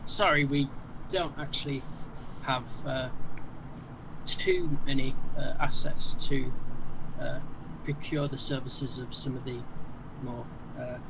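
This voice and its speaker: A man talks slowly and haltingly as a tabletop player, pausing with "uh"s between words. Clear background noise runs beneath his voice on the mic. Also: mid-range voice. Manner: hesitant, halting. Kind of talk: casual tabletop play. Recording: noisy mic.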